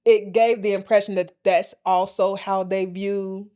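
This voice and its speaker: A woman's voice: mid-range voice, fairly even intonation, measured pace, dark tone. An American woman co-hosting a casual podcast chat, talking straight to her listeners in a folksy, blunt way. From United States. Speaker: podcast co-host.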